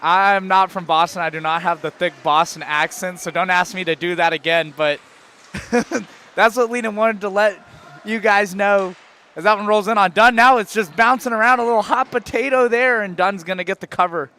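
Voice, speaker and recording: A man calling hockey play-by-play, firing off quick calls that jump to shouts on shots and goals. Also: high-pitched, clear, resonant tone. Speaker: play-by-play commentator.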